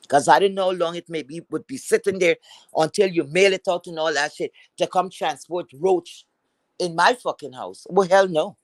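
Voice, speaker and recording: A woman's voice: on the low side, normal speed, no echo. Profane scolding woman ranting to viewers. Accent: has a non-standard accent. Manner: profane, scolding, mock-teacher lecturing. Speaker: livestream host. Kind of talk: angry rant to viewers.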